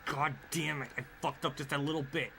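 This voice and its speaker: A man's voice: a little high, level tone, a little fast, gravelly, bright, forceful tone, a little hiss or hum. A man streaming a racing game, cursing at the game and muttering under his breath. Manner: frustrated, profane, swearing often at the game. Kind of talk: live gameplay commentary.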